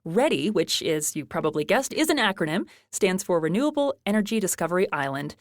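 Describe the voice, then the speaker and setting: A woman's voice: lowish voice, sing-song, brisk, dry recording. Woman, podcast co-host, friendly, playful banter, semi-scripted, dry close studio sound.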